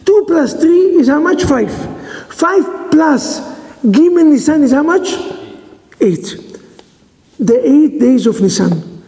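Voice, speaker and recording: A man's voice: very high-pitched, animated, takes it slowly, pauses often, mellow. A man, a rabbi, teaching a Torah lesson in non-native English with Hebrew terms, telling the story with animation and quizzing his listeners. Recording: reverberant hall.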